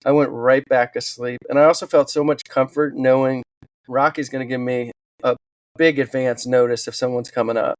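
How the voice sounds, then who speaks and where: A man speaking as a podcast guest, telling his stories in an earnest, animated way with frequent "um"s. His voice sits at an ordinary middle pitch. The recording is dry and close, with little room sound. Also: moderate pace, dry recording. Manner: earnest, animated storytelling with fillers. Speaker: podcast guest, wildland firefighter and author. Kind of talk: storytelling in a casual interview.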